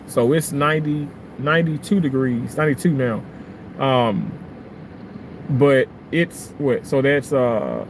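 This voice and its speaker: A man's voice: medium pitch, a little hiss or hum, low-quality recording. A man chatting casually on a live stream from his car, loose and profane, reading viewer comments aloud. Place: outdoors in a car, evening.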